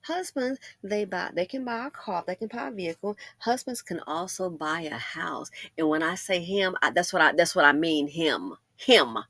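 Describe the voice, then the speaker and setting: A woman hosting a casual commentary monologue, animated and sassy, acting out imagined conversations in shifting voices. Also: lowish voice, normal speed, hardly any pauses, no echo. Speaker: commentary channel host.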